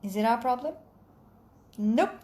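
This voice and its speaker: A woman's voice: fairly high pitch, a little slow, a little mellow, roomy sound, close to an everyday voice. A woman storyteller voicing an offhand king who brushes off every warning. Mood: dismissive. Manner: dismissive, offhand. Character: lazy dismissive male king.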